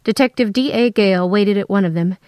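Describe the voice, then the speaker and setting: A woman telling a first-person story in a steady, scripted narration. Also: mid-range voice, fairly quick, no room sound, studio quality.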